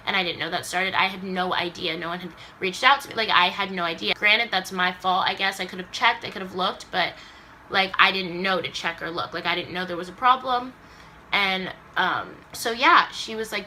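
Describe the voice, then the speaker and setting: A woman's voice: medium pitch, brisk, sharp tone, a little hiss or hum. A young woman from Los Angeles telling an emotional story in a casual vlog, saying "like" a lot and acting out the people she quotes. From Los Angeles area, US. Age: young adult. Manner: emotional retelling, acts out quoted voices, says "like" a lot. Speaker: vlogger.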